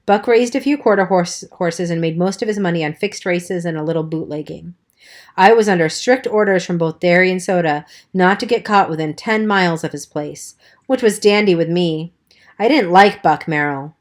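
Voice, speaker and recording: A woman reading a novel aloud as an audiobook narrator, in a steady storytelling manner. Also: lowish voice, normal speed. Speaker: audiobook reader. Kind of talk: scripted narration.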